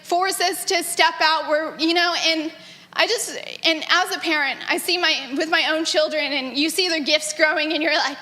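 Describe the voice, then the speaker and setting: A woman in her thirties giving an earnest, animated personal testimony about her grandfather to a gathering, often breaking into laughter. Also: high-pitched, normal speed. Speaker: granddaughter sharing memories. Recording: echoey hall.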